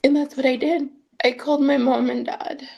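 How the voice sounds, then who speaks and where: A woman recounting painful family events as an interviewee in a documentary, speaking earnestly with halting restarts. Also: high voice, level tone, creaky, mellow. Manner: earnest, halting first-person retelling with restarts. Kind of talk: documentary testimony.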